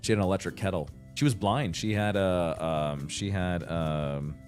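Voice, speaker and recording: Man, 30s, livestream host, low voice, casual rambling chat, faint background music. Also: normal speed, darkish tone. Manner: rambling, many fillers and restarts, laughs often.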